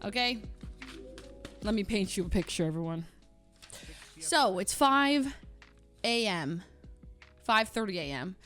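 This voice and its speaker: A woman's voice: mid-range voice, expressive, slow pace, pauses often, fairly bright tone, faint music behind. A young woman streamer telling a story in a dramatic way, full of "like" fillers and acted-out sounds. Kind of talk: animated storytelling.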